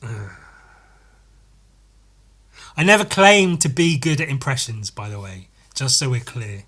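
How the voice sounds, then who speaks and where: A man's voice: mid-range voice, very animated, normal speed, pushed and bright. A man hosting a solo comedy podcast, rambling and meandering, often stumbling and repeating words as he goes. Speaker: podcast host.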